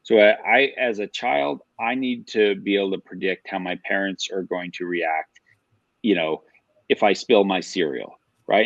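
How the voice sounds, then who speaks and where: A man's voice: low voice, fairly bright tone, no room sound, dull audio. A middle-aged man, an author and coach, explaining in an earnest, conversational way as a podcast guest. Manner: earnest, conversational, uses examples. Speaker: author and youth sports coach. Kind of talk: casual interview chat.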